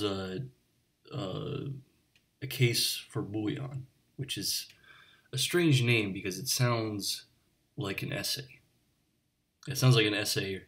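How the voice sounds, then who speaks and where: A man plays an eccentric bartender who rambles from one digression to the next, lecturing his customer with pedantic asides in a comic monologue. The voice sits low, and it sounds a little distant from the mic. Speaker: bartender character. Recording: voice a bit far from the mic.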